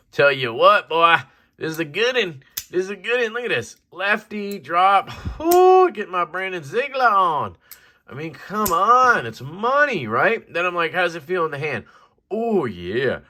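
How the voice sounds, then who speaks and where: A young man casually reviewing a knife in a rambling, excited vlog, swearing now and then. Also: mid-range voice.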